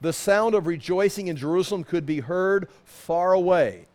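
A man's voice: high voice, normal speed, darkish tone. A middle-aged man teaching a Bible study in a loose, conversational way, pointing out places on a map and often restarting his sentences. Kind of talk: sermon.

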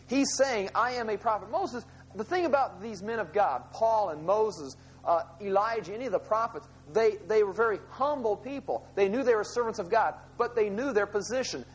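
A man's voice: high-pitched, a little hiss or hum, poor audio. A man preaching a conversational sermon, retelling scripture scenes in casual everyday dialogue. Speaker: pastor.

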